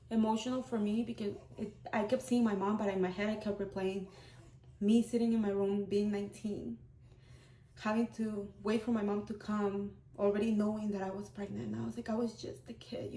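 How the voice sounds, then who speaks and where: A woman's voice: medium pitch, mellow. A woman in her thirties, a vlogger, telling a personal story in a candid, heartfelt, conversational way. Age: 30s. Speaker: vlogger, single mom. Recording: roomy echo.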